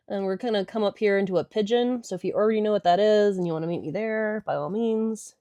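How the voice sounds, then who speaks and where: A woman's voice: medium pitch, fast, few pauses, dark tone, dry recording. A woman leading a casual guided stretching class, chatty and irreverent with joking asides. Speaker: yoga and stretching instructor.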